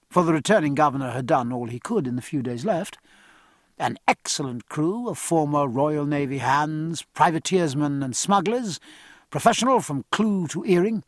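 Male audiobook narrator, lively intonation, slightly high voice, dry close recording. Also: no room sound. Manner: expressive, measured literary reading.

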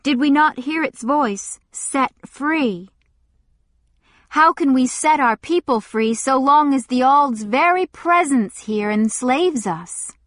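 A woman's voice: sits high, takes it slowly, no echo, clean studio sound, pitched above the performer's own voice. A woman doing a brash, defiant young man. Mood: challenging. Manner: challenging, insistent.

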